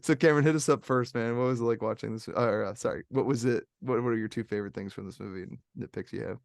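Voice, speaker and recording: A young man hosting a casual movie review podcast, rambling and filling every pause with "like". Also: mid-range voice, vocal fry, no room sound, clean studio sound. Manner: rambling, heavy use of "like". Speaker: podcast host.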